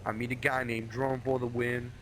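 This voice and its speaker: Man storytelling in game voice chat, profane and slangy, bright tone, middle pitch. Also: level tone, moderate pace, slight background noise, low-quality recording.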